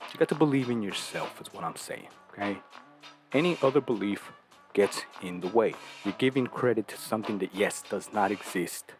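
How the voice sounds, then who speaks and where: A man with a fairly low voice lectures in a blunt, profane way and keeps tossing out rhetorical questions. Faint music runs quietly under his talk. He sounds like a show host laying down advice. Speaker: podcast host giving dating advice. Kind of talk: casual talk.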